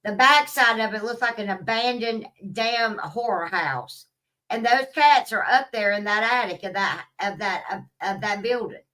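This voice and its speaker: A woman's voice: fairly high pitch, moderate pace, pushed and bright, far from the mic, poor audio. A woman, talking in a blunt, profane, casual vlog rant and laughing at her own stories. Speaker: vlogger. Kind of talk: casual ranting monologue.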